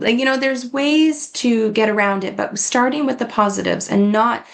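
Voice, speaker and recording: A woman's voice: on the high side, moderate pace, gravelly, hardly any pauses. A woman giving an informal, earnest talk on dementia care, often acting out quoted dialogue.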